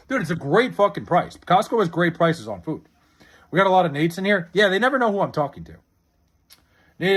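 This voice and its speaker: A man's voice: fairly high pitch, breathy edge. A young man streaming live, chatting casually and bluntly with his chat, swearing a lot as he answers their questions.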